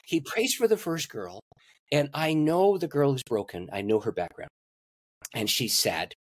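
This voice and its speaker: A man's voice: medium pitch, big pitch swings, normal speed, no room sound. A man, a pastor and guest, telling a story in an interview and laughing at his own stories.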